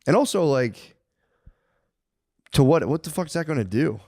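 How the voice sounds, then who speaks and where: A man's voice: fairly high pitch, animated, moderate pace, a little mellow, no echo, studio quality. A man co-hosting a podcast in loose, profane, laughing banter. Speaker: podcast co-host. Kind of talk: casual podcast chat.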